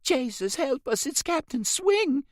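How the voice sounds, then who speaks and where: A man's voice: sits high, animated, normal speed, no echo, studio quality, voice pushed up. A man voicing a frightened young lad who speaks in awed, breathless tones. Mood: stunned whisper.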